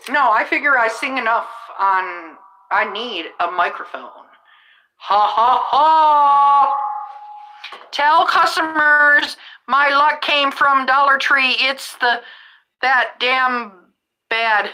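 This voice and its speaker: A middle-aged woman chatting on her podcast with a high, bright voice. She takes her time and wanders from thought to thought, starting sentences over before finishing them. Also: slow pace, a little hiss or hum, poor audio. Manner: rambling, restarts mid-sentence, chatty. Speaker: rideshare driver and podcast host. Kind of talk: casual chat.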